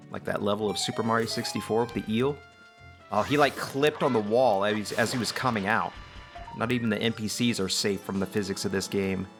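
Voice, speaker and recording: A man with a fairly low voice talks through a video game in a loose, chatty way, upbeat and quick to poke fun at himself. Soft game music plays faintly behind him. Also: gravelly. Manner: chatty, upbeat, self-deprecating. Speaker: let's play host. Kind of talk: casual gameplay commentary.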